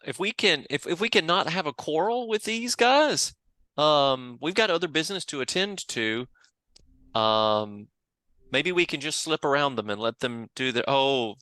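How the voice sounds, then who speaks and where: A man's voice: medium pitch, pushed and bright, clean tone, no room sound. A man playing at a tabletop game, talking casually and hesitantly with fillers. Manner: hesitant, polite, many fillers. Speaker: player.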